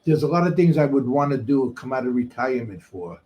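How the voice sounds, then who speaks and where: A man's voice: medium pitch, expressive, brisk, a little mellow. An older man, a guest, telling street stories in a blunt, profane, streetwise way. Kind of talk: storytelling in a casual interview.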